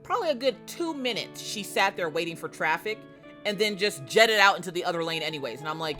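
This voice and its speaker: A woman streamer in casual live chat with her viewers, a brash, profane, jokey storyteller who breaks into loud mock rants. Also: fairly low pitch, lively intonation, fast talker, soft background music. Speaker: streamer chatting with viewers while painting.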